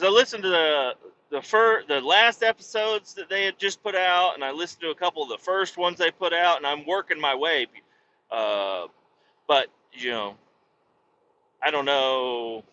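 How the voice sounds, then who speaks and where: A man's voice: fairly high pitch, lively intonation, a little slow, pauses often, bright, forceful tone, slight background noise. A man hosting a podcast alone in a loose, rambling, profane monologue, often cutting himself off mid-sentence. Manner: rambling, profane, self-interrupting. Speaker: podcast host. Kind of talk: casual solo podcast monologue. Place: home podcast setup in Missouri. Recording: dull lo-fi recording.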